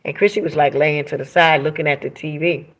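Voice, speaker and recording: Speaking a little fast in a low-pitched voice with fairly even intonation, this woman reads out viewer comments during her livestream. Her emotional monologue is emphatic and preachy, with phrases repeated for emphasis.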